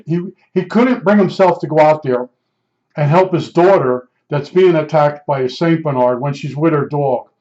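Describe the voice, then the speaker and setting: A man in his seventies tells family stories in a loose, digressive way, drifting into one aside after another. His voice sits a little high for a man. The recording sounds dull and lo-fi. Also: a little mellow. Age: 70s. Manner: rambling, digressive, many asides. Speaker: vlogger. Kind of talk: casual personal storytelling.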